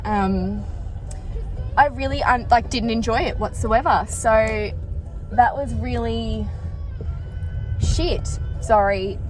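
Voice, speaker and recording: A woman's voice: a little high, slow, long pauses, soft background music, poor audio. A young woman with an Australian accent, chatting candidly to camera in a casual vlog, swearing freely and rambling with fillers, recorded while driving. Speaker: vlogger. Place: car, driving.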